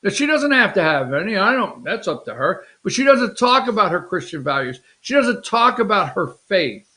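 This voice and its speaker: A man's voice: sits high, very animated, moderate pace, bright, forceful tone. A man hosting a political talk show, rambling and mocking in an off-the-cuff way. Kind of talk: casual political commentary.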